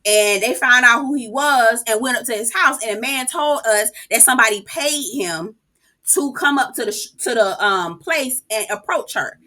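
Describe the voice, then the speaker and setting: A woman hosting a casual recap, talking sassy and profane as she acts out everyone's reactions. Her voice sits a little high and sounds bright and sharp, with sudden leaps up in pitch when she gets excited. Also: normal speed. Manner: speaks with swooping pitch jumps and exclamations. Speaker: reality TV recap host.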